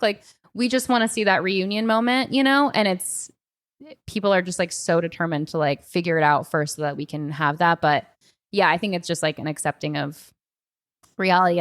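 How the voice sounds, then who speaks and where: A woman's voice: medium pitch, fairly quick. A young adult woman hosting a podcast in casual chat, rambling and filling her talk with "like.". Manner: chatty, rambling, heavy use of filler "like". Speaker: podcast host. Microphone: podcast microphone.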